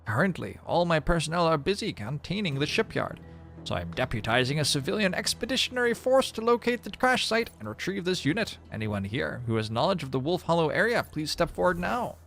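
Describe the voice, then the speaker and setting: A man plays a brisk military major in a sci-fi game, briefing volunteers in a clipped, commanding tone. The voice runs a little high, with lively pitch and a gravelly rasp. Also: faint music behind, exaggerated voice. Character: brisk male military major giving orders.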